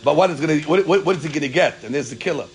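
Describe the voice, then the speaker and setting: Animated high-voiced gravelly rabbi. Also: male voice, racing, a little hiss or hum. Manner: animated, joking, acting out dialogue. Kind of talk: Torah class lecture.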